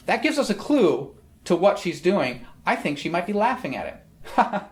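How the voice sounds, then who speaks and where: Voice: mid-range voice, sing-song, moderate pace. Friendly teacher walking through a text, keeps asking okay?. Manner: friendly, explains with frequent "okay?" checks. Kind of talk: recorded lesson on Shakespeare's language.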